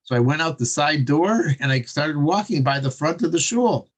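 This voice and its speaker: A man telling a religious story in an earnest, conversational way with many pauses. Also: a little high, expressive.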